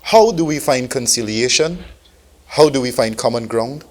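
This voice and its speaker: A man with a Guyanese accent hosting a talk show, moderating the panel with measured questions. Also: medium pitch, lively intonation.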